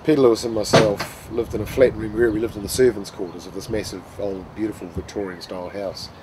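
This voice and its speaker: A man's voice: on the low side, quick pace. Self-mocking New Zealand man telling stories. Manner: rambling, self-mocking, laughs at his own stories. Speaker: storyteller of his own acting past. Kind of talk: casual anecdotal storytelling. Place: outdoors in the rain. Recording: steady rain noise behind.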